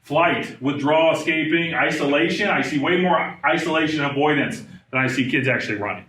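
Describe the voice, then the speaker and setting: A man in his thirties giving a live trauma training talk, animated and conversational, often asking the room questions. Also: fairly high pitch, fairly quick. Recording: echoey room.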